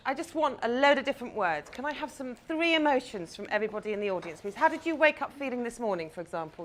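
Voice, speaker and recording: A woman's voice: a little high, very animated, quick pace, hardly any pauses. A woman, a confidence coach giving a chatty, playful talk to a live audience on stage.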